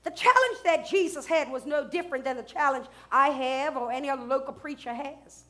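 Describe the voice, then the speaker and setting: A middle-aged woman pastor preaching a sermon in church, building to shouts and drawing call-and-response from the congregation. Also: high voice, a little fast.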